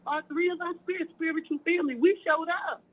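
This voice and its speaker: High-voiced woman caller, fervent preacher-style testimony, heard over a tinny phone line. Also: fairly even intonation, fast. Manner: fervent, quotes scripture.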